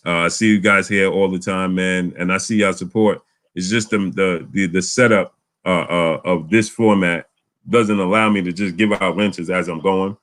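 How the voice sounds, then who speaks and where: A man hosting a casual live boxing chat, animated, often repeating words. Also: low-pitched, normal speed. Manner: animated, repeats words, reads super chats aloud. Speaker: boxing channel host.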